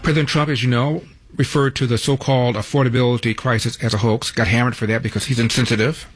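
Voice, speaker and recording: A man's voice: mid-range voice, steady tone, fast talker. A man hosting a talk radio show, delivering news items with wry, sarcastic asides from a studio.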